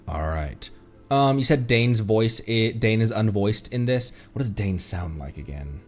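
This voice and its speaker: Lively, chatty male game streamer. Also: lowish voice, a little slow, faint music behind. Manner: chatty, thinking aloud, playful. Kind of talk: casual gaming commentary.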